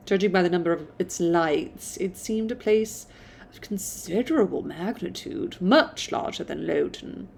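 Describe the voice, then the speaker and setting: A woman's voice: fairly low pitch, animated, normal speed, creaky, darkish tone, a little hiss or hum. A woman reading a classic novel aloud, stumbling now and then and stopping for casual asides. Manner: stumbles and restarts, self-commenting.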